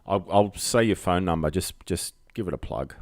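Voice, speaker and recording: Australian male streamer at a home desk mic, low voice, lively pitch, dry sound, chatty and meandering. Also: moderate pace, no echo. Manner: jokey, self-mocking, wandering monologue with many fillers. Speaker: live-stream host. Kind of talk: rambling solo livestream chat. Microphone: desk microphone.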